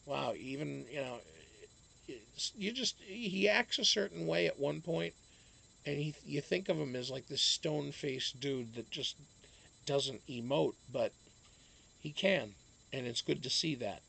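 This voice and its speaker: A man with a gravelly, creaky voice hosts a casual live stream at an unhurried pace. He rambles through viewer comments, cracks jokes and swears offhandedly. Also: a little high, a bit bright, low-quality recording. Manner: rambling, jokey, swears, talks to chat by name. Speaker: live-stream host reading chat.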